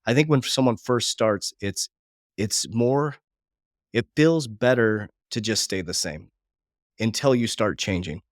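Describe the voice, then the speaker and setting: A man in his forties talking quickly and with feeling in a podcast conversation, often speaking of faith and family. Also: on the low side, dry recording, clean studio sound. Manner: fast, heartfelt, religious. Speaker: business coach, guest.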